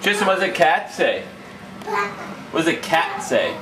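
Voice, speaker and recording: A man's voice: a little high, sing-song, moderate pace, reverberant. A man quizzing a toddler on animal sounds in a home video, making the sounds himself. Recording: very noisy home video recording.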